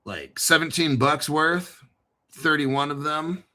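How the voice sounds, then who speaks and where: Bright-voiced, joking man hosting. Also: fairly high pitch, slow pace. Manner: joking, profane, storytelling. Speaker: crypto show host. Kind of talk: rambling casual monologue.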